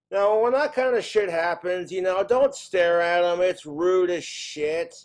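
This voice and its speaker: A man performing a stand-up comedy routine, telling exasperated, profane stories and slipping in quick put-on voices. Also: high voice, lively intonation.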